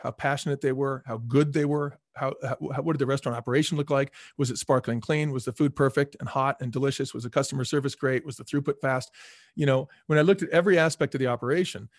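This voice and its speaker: A middle-aged man, a former restaurant executive, telling stories as an interview guest in an energetic, emphatic way. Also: mid-range voice, dry recording, studio quality. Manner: energetic, emphatic, acts out quoted people. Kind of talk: casual storytelling in a podcast interview.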